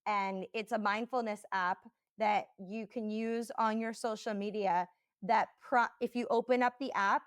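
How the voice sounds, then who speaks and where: A woman hosting a podcast, telling personal stories in an animated, chatty way and laughing easily. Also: medium pitch, a little slow, clean tone, no room sound, studio quality. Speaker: podcast host. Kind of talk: casual podcast conversation.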